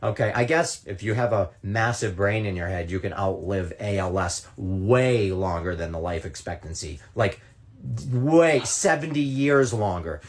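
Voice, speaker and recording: A content creator rants straight to camera in a low, expressive voice at a measured pace. Indignant and sarcastic, he dares his viewers to prove him wrong.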